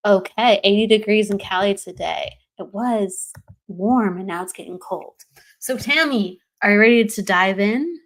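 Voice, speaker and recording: Woman hosting a live stream, bubbly and chatty, laughs a lot, shouting out viewers. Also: medium pitch, moderate pace. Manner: bubbly, greets viewers by name, laughs often. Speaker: host.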